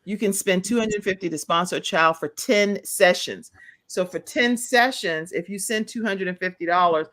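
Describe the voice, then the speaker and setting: A woman hosting a live talk show, upbeat and encouraging, spelling out details slowly for her listeners. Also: mid-range voice, fairly bright tone.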